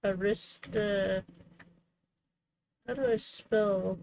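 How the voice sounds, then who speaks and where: A woman's voice: mid-range voice, flat delivery, very slow, darkish tone, slight background noise, poor audio. A young woman hosting a crafting livestream, chatting casually and rambling with lots of "like" and "you know". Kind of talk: casual chat while crafting.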